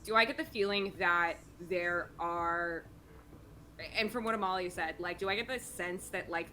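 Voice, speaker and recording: Playful female player, bright and lowish, faint music underneath. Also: moderate pace, a little hiss or hum. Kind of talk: casual chat at a tabletop game.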